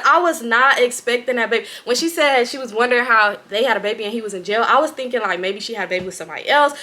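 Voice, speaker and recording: Speaking at medium pitch with a Southern Californian accent, a young female vlogger reads out a viewer's story, heavy on profanity and lively reactions.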